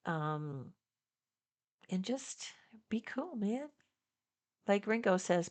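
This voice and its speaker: A woman's voice: mid-range voice, expressive, very slow, a little mellow. A woman in her sixties from the Detroit area, chatting casually to her viewers as a vlogger, rambling with fillers and little laughs. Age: 60s. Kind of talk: casual chat to camera.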